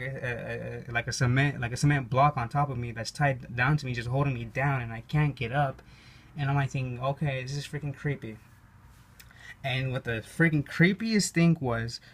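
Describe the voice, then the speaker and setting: A man's voice: medium pitch, fairly bright tone. A young Mexican American man talking casually about his own experiences, rambling with many fillers, swearing and laughing often. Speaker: YouTube card game channel host. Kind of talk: casual storytelling monologue.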